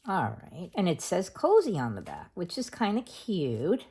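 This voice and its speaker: A woman's voice: on the low side, huge pitch swings, warm tone, slightly rough. A middle-aged woman hosting a craft tutorial, chatting casually and thinking aloud as she works at her craft table. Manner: chatty, unhurried, thinks aloud while working. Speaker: craft channel host.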